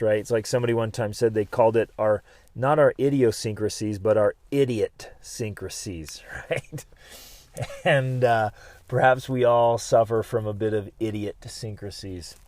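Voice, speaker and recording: A man hosting a family podcast, telling a personal story in a lively way, laughing and acting out other people's lines before drawing a life lesson. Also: fairly low pitch, no room sound. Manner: animated, laughing storyteller who acts out voices. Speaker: podcast host.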